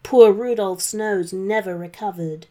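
Woman reading a kids christmas story, slow and gentle, mid pitch. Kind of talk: scripted children's story narration.

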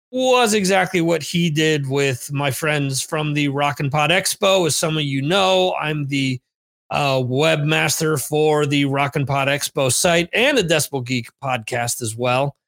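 A man's voice: on the high side, creaky, fairly bright tone. A man hosting a podcast, telling rambling stories in a casual monologue, often cursing. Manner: rambling, profane storytelling. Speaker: podcast host. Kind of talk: casual monologue, answering listener questions. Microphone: on camera, streamed video.

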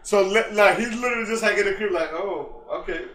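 Podcast co-host, male, high-voiced, loose and laughing storyteller who swears freely. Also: racing, crowd noise. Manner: animated storytelling, acts out lines, laughs often, swears freely. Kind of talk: casual chat.

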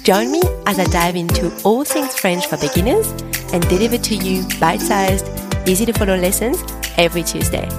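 A woman hosting a podcast language lesson, speaking cheerfully and encouragingly and drilling words with patient, clear repetition. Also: medium pitch, expressive, brisk, over loud music. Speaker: podcast host and French teacher.

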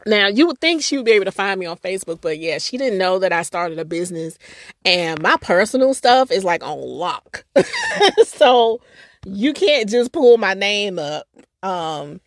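A woman hosts her podcast, telling a personal story with feeling and bursts of laughter. Her voice sits fairly low and has a gravelly texture. The recording is dry and close, with no room sound. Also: dry recording. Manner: emotional, expressive storytelling with laughter. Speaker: podcast host.

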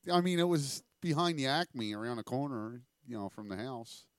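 A man's voice: mid-range voice, lively intonation, a little fast, no echo. Laid-back man with dry quips. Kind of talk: casual podcast chat.

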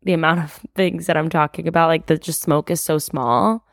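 Clean studio sound with no echo carries a young podcast host's low, fairly even voice at a moderate pace. Alone on the mic, she opens up about her emotions, peppering her talk with "like" and the occasional curse.

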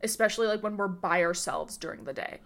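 A woman's voice: medium pitch, fast talker, fairly bright tone. A woman hosting a podcast, chatting casually and rambling with lots of fillers. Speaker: podcast host.

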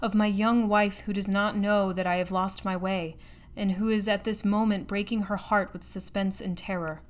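A woman's voice: mid-range voice, fairly even intonation, normal speed, close to an everyday voice. A woman reading an audiobook, voicing an anxious young husband who speaks eagerly and urgently.

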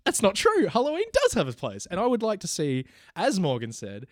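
A man's voice: high voice, wildly swooping pitch, fairly quick, no room sound, studio quality. An Australian man arguing in a casual comedic podcast debate, rambling and giggling often. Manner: giggly, rambling, breaks into laughter.

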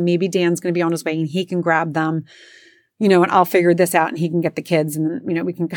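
A woman in her forties with a low-ish voice chats through a casual, self-mocking anecdote, acting out what everyone said. The recording is studio quality with no room sound.

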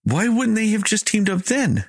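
A man talks casually and heatedly, his pitch leaping up and down as he vents. He swears freely and acts out bits of dialogue. The sound is close and dry. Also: normal speed, husky, dry recording. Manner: animated, exasperated ranting with swearing and quoted dialogue. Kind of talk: casual movie review chat.

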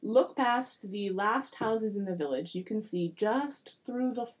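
A woman's voice: medium pitch, expressive, unhurried, low-quality recording. A woman narrating as game master of a tabletop role-playing game, rambling and jokey with frequent restarts.

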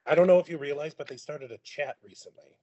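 A podcast guest of Sicilian family heritage tells family stories in casual conversation, acting out other people's words and laughing a lot. His voice is fairly high and fast, and the audio has its highs cut off.

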